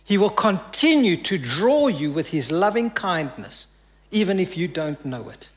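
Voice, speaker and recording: A man with a fairly high voice delivers a sermon as pastor. He tells the story with rising emphasis, then drops soft and hushed to give the quoted words weight. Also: very animated, measured pace. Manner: preaching with dramatic drops to soft quoted lines.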